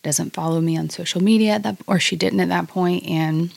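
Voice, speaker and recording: A middle-aged woman, a podcast guest, speaking reflectively and haltingly in a personal conversation. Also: fairly low pitch, fairly even intonation, creaky, a little mellow, no room sound. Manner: reflective, halting, with many fillers and restarts. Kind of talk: personal conversation about grief.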